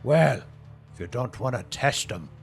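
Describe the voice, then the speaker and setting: A man voicing a gruff, stubborn old man who talks in a blustering, threatening way. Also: mid-range voice, animated, measured pace, soft background music.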